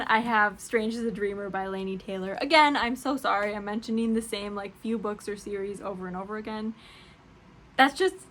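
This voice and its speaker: Young female booktuber, chatty and gushing, slightly high voice, faint hiss behind. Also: a bit bright. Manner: gushing, chatty, laughs often. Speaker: book vlogger. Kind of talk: casual book tag chat.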